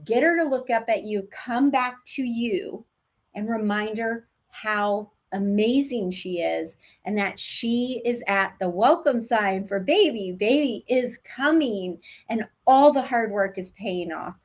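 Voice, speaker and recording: A woman who is a labor nurse, casually teaching expectant parents in a direct, animated coaching tone. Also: fairly high pitch, takes it slowly. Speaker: labor nurse and childbirth educator.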